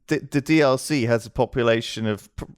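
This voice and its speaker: A man's voice: mid-range voice, brisk, clear, resonant tone, no room sound. A man chatting casually as a podcast co-host, incredulous and swearing freely.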